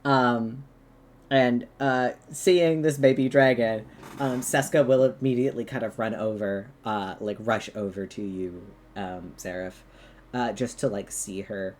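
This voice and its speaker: Low-voiced woman narrating a game. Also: unhurried, darkish tone, a little hiss or hum. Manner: rambling, full of fillers. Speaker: game master.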